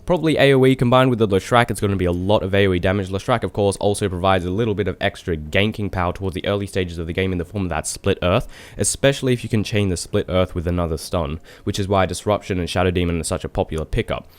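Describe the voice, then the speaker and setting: A man's voice: sits low, fast talker, few pauses. A young man from Australia giving solo esports commentary over a replay, chatty, with self-deprecating asides. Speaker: esports caster.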